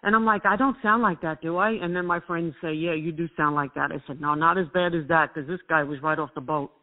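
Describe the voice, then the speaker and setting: New male co-host, high-pitched, animated storyteller. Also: brisk. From New York. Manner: animated storyteller, laughs at his own tales. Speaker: talk radio co-host. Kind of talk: casual radio chat, storytelling. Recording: tinny phone-line sound.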